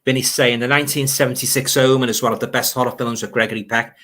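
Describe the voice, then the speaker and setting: Bright-voiced Liverpool man chatting on livestream. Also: medium pitch, steady tone, fast talker. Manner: rambling, reads viewer comments aloud, grumbles. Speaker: livestream host. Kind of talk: casual livestream chat.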